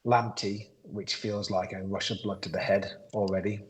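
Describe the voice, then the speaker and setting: Low-voiced hesitant male guest. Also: flat delivery, moderate pace, a little hiss or hum, rough recording. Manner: thoughtful, hesitant, many ums and restarts. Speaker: guest, expert player. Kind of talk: casual interview chat.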